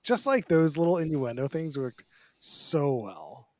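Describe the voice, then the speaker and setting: A man's voice: a little high, very animated, a little slow, a little mellow, no echo. A man co-hosting a casual podcast chat, talking loosely and acting out quotes in put-on voices. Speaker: podcast co-host.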